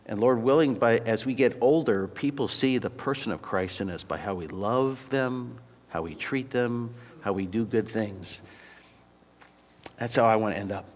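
A man's voice: lowish voice, normal speed. Guy preaching a sermon, storytelling style, big echoey church hall. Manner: storytelling, then quiet earnest prayer. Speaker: pastor. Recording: long hall reverb.

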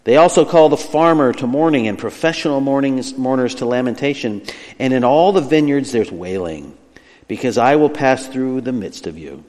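A man preaching a sermon, emphatic and lively, dropping soft and slow on key phrases. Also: mid-range voice. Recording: long hall reverb.

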